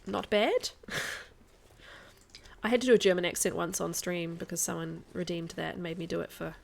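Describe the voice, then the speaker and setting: A woman's voice: lowish voice, fairly even intonation, normal speed, creaky. A woman streaming a video game, chatting casually with her viewers, answering their comments and laughing often. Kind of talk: casual live-stream chat while playing.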